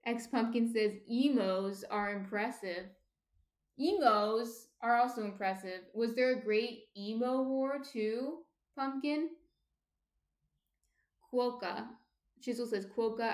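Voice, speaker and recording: The baking streamer speaks slowly at a higher-than-average pitch, keeping her intonation fairly even, and her home kitchen echoes around her. She's a New Jersey woman chatting casually and reading viewer comments in a rambling style, full of fillers and restarts.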